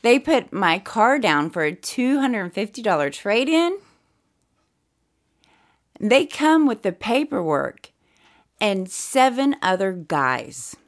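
A woman's voice: medium pitch, very animated, slow, pauses often. A middle-aged woman co-hosting a podcast, telling a story in a blunt, profane way and acting out each person's voice. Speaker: podcast co-host. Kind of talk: animated storytelling chat.

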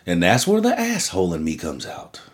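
Low-voiced guy cussing and joking on a chill podcast. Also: wildly swooping pitch, a little fast. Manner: profane, laughing, loose storytelling. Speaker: podcast co-host. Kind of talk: casual podcast chat.

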